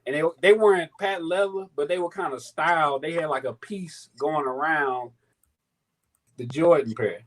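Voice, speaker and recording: A man in his thirties from St. Louis, telling a sneaker story in a profane, animated, casual chat. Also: a little high, moderate pace, rough recording. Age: 30s. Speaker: sneaker battle contestant.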